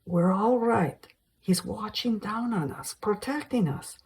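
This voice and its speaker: A woman's voice: fairly low pitch, steady tone, takes it slowly, a little mellow. A woman voicing a grown doctor daughter speaking tenderly to her mother in a screenplay reading.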